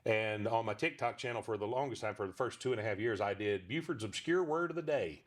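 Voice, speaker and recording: A man's voice: on the low side, brisk. Rambling joking ventriloquist in his fifties. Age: 50s. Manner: rambling storyteller, frequent restarts, joking. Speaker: ventriloquist guest. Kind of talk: casual interview talk.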